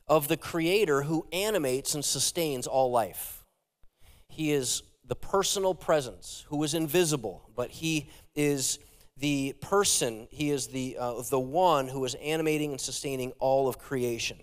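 Animated pastor preaching in a reverberant church. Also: male voice, a little high. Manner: animated, engages the congregation directly. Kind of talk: sermon. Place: church sanctuary. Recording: long hall reverb.

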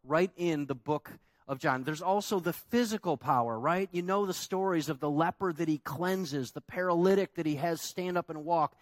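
A man's voice: on the high side, normal speed, no echo. A man preaching a sermon as pastor, emphatic and conversational, asking the congregation rhetorical questions.

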